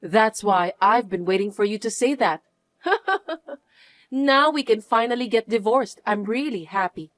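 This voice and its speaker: An actress playing a wronged young wife who answers with cool, firm defiance. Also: female voice, mid-range voice, moderate pace, few pauses, fairly bright tone, no echo, natural voice. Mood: defiant. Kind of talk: narrated drama acting.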